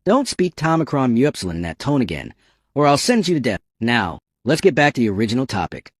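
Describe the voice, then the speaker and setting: A man's voice: mid-range voice, very animated, a little fast, dry recording, studio quality. A man voicing the ghost of a boastful boy-king, brash and petulant. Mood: threatening.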